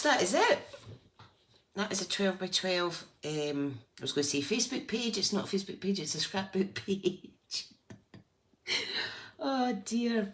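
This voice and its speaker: A woman with a notably low voice hosts a live scrapbooking session from her craft table. She chats as she works, hums to herself and breaks off to greet viewers by name. Faint noise sits behind her. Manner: chatty, thinks aloud and hums while working. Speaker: craft host.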